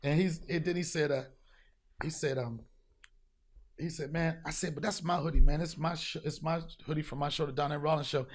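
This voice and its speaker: A man hosting a podcast, telling a street story in casual chat, profane and animated, acting out the people he met. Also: fairly high pitch, fairly quick. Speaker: podcast host.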